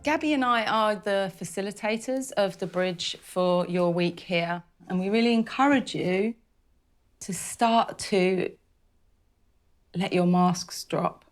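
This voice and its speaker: A woman welcomes a group to a healing retreat and speaks very slowly, leaving space between her words. Her tone is soothing and measured. Soft music sits faintly behind her. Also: medium pitch. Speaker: workshop facilitator. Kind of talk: addressing a group healing session.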